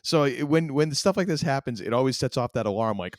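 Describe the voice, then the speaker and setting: A man co-hosting a podcast, chatting casually in a rambling, animated way. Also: mid-range voice, no echo, studio quality. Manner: rambling, animated, quick laughs. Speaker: podcast co-host. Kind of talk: casual chat.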